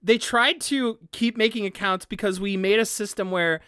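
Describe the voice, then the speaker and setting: A woman talking casually to her live-stream audience. She rambles, leans on "like" again and again, and breaks into laughter often. Her voice sits at an ordinary pitch and is recorded dry on a close mic. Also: moderate pace, fairly bright tone, clear, resonant tone, dry recording. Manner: rambling, heavy use of "like" fillers, frequent laughter.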